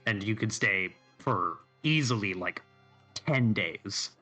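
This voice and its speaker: A man's voice: on the low side, expressive, slow pace, sharp tone, soft background music. A man narrating a tabletop game as game master, talking hesitantly with many fillers.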